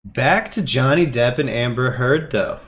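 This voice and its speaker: A man's voice: mid-range voice, lively intonation, measured pace, a bit bright. A man hosting a casual podcast chat, laid-back and chuckling between remarks. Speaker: podcast host.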